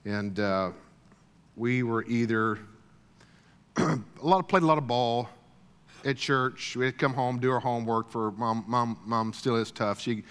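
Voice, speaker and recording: A middle-aged man preaches in an easy, folksy storytelling way, with plenty of fillers and throat-clearing. His voice sits at an ordinary middle pitch for a man. It carries a long reverb, as if he is in a big hall. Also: measured pace, long pauses, a bit bright. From Deep South, USA. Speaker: speaker at a church gathering. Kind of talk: storytelling sermon.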